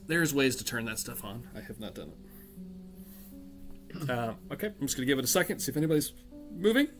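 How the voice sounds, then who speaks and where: A man running a tabletop game as game master, talking in a casual, relaxed way. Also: medium pitch, normal speed, soft background music. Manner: casual, relaxed, chatty with fillers.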